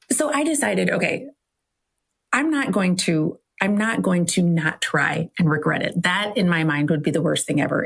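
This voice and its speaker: Woman, middle-aged, from Iowa, podcast host, chatty storytelling, husky, lower voice. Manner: chatty, self-questioning, frequent "right?" tags.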